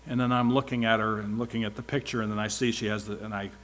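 A man's voice: on the low side, flat delivery, quick pace, fairly bright tone. A man speaking at church, giving a rambling, informal sermon-style report with wry asides.

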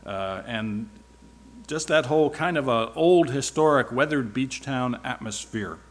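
A man's voice: mid-range voice, measured pace. A man speaking at church, giving a rambling, informal sermon-style report with wry asides.

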